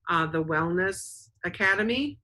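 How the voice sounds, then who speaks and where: Woman, co-host, earnest, lowish pitch, bright voice. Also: lively intonation, a little slow, low-quality recording. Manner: earnest, reads out viewer comments. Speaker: show co-host. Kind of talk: casual advice talk.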